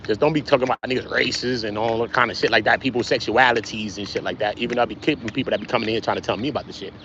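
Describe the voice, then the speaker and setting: A man hosting a casual livestream, talking straight to his chat in slangy, animated speech. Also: mid-range voice, rapid-fire, muffled recording, a little hiss or hum. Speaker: livestream host.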